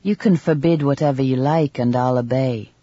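A man voicing a quiet, defiant enslaved woman who answers calmly, on a slightly dull recording. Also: medium pitch, normal speed, dry recording, natural voice. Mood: calm defiance. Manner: calm, defiant.

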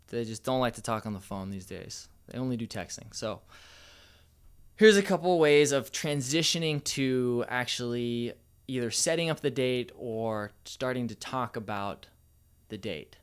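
A man's voice: mid-range voice, a bit bright, smooth. A man giving casual, playful dating advice as a coach, with a slightly cocky manner.

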